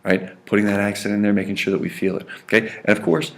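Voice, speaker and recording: Male teacher, low register with grit, runs a grammar lesson and keeps checking "right?". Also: flat delivery, quick pace. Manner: checks in constantly with "right?" and "okay?"; stresses and repeats key sounds. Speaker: Spanish teacher.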